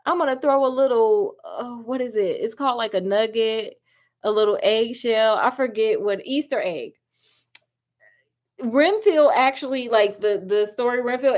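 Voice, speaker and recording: Chatty woman with a higher voice. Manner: animated, chatty, calls viewers girl and honey. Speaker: film review vlogger. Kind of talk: casual chatty film review.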